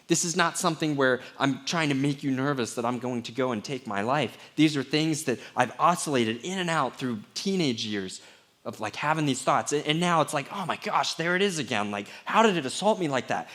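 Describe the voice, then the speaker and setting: A middle-aged man preaching a sermon as pastor, candid and conversational, sometimes dropping to a hushed voice. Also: a little high.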